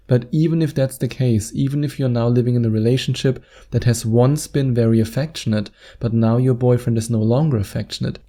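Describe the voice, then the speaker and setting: A man's voice: mid-range voice, mellow. A man giving relationship advice as a coach, talking earnestly and rephrasing his points as he goes. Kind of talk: advice video monologue.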